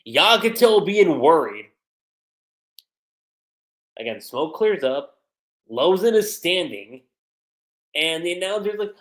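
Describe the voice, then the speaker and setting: A man giving casual livestream commentary as a manga reviewer, chatty and animated. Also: sits high, takes it slowly, reverberant. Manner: animated, chatty, frequent laughter and fillers.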